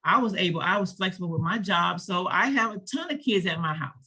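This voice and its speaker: Chatty woman panelist, bright voice. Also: fairly low pitch, animated, fairly quick, slightly rough. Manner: conversational, many fillers, laughs between thoughts. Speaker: educator and panelist. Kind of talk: panel discussion.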